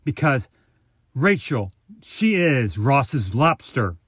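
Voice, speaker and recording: An eager man reads out his prepared message to a podcast. His voice is middle-pitched and earnest, recorded close and dry with no room sound. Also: big pitch swings, slow pace, breathy edge, dry recording. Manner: earnest, enthusiastic fan. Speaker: listener sending in a clip. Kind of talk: read-out listener message.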